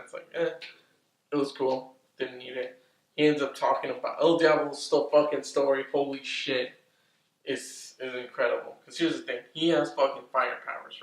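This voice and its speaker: A man's voice: medium pitch, a bit bright. Profane rambling man recapping a film. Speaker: movie reviewer. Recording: roomy, distant from the mic.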